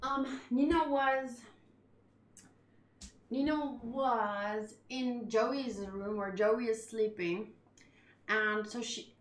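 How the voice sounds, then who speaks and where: A woman's voice: a little high, a bit bright, echoey room. A woman hosting a casual manga read-along at home, chatty and rambling as she tells a story. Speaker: channel host. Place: room at home.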